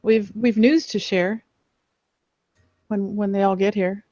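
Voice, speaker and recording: A woman's voice: medium pitch, steady tone, slow, dark tone, dry recording, lightly acted. A woman voicing a small, sneaky, friendly female hobbit in a tabletop game, in dull, dry audio.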